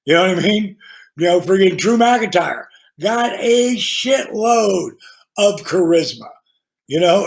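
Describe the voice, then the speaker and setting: A man's voice: high-pitched, vocal fry. An older man, a podcast guest who wrestled professionally, telling stories in casual, profane chat. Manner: profane, animated storytelling with acted-out quotes.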